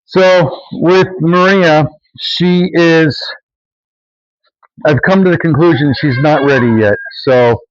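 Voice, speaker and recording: This homesteading vlogger speaks slowly in a voice that's a little high, strolling outdoors through a farm yard with animals. His casual walk-and-talk is rambling, with lots of fillers and restarts, and the audio has no echo but lacks the highs.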